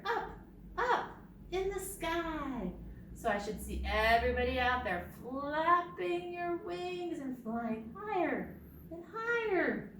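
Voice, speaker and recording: A young woman runs a preschool storytime, her fairly high voice leaping with play. She talks slowly and gently, coaxing the children to join in. The sound is roomy and taken from a distance, with faint ambience behind. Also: a little hiss or hum. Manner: sing-song, leads children in bird sounds and movements. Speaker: children's librarian. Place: library. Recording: echoey room, distant mic, faint ambience.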